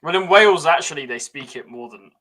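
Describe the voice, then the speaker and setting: A man's voice: on the high side, lively intonation, a little fast, sharp tone, poor audio. A man joining a casual stream chat, teasing and laughing between remarks.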